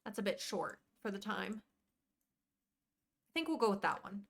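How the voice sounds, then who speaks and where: A woman's voice: mid-range voice, animated, normal speed, vocal fry, a bit bright. A woman live streaming as she plays a game, chatting casually, rambling through details and greeting viewers by name. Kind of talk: casual live-stream chat while playing.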